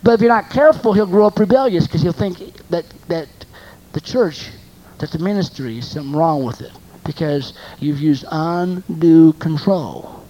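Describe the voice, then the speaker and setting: A preacher delivering a sermon, asking the congregation rhetorical questions and repeating phrases for emphasis, moving between loud emphasis and soft asides. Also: medium pitch, moderate pace, lo-fi sound.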